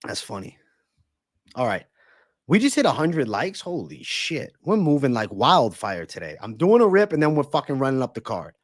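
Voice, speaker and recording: A young man hosting a live fight-talk stream, brash and swearing freely as he banters with viewers. His voice swings lively up and down, and the sound is dry and close with no room around it. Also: medium pitch, moderate pace, dry recording. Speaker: livestream host and fight analyst. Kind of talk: casual live-stream chat.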